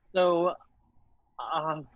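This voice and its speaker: Slow, halting man on a dull mic. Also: a little high. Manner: halting, laughs between words. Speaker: player. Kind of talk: casual chat.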